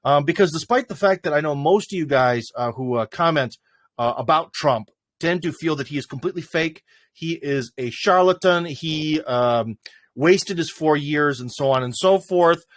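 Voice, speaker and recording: Guy rambling on his livestream, lotsa uhs and anyways, slightly high voice, dry close sound. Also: normal speed, dry recording. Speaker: livestream host. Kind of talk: casual livestream commentary.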